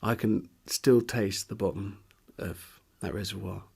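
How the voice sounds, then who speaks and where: A man's voice: lowish voice, unhurried, gravelly, darkish tone, breathy edge. A man, a musician, speaking in a candid interview, hesitant and searching for words, openly earnest and emotional.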